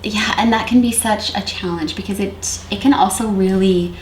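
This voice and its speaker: Calm reflective woman in an echoey room. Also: mid-range voice, moderate pace. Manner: calm, reflective, with many fillers. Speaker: youth worker. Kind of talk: conversational discussion on parenting. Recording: echoey room with faint noise.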